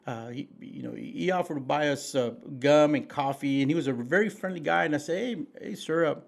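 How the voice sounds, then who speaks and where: A man's voice: a little high, fairly quick, gravelly. Man, folksy, preachy, fillers and restarts, co-host chat. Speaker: podcast co-host. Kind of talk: casual political chat.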